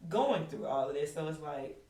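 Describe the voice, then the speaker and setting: A woman's voice: low voice, lively intonation, moderate pace, warm tone. A woman in her thirties, a podcast guest, telling her caregiving story frankly and emphatically, often restarting and repeating phrases. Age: 30s. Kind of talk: candid conversational storytelling. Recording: echoey room, distant mic.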